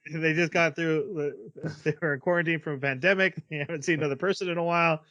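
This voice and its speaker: His voice is a little high, steady, pushed and bright, recorded lo-fi with no echo. Co-hosting a relaxed podcast, the man gives a rambling run-through of an anime episode and quickly voices the characters' lines.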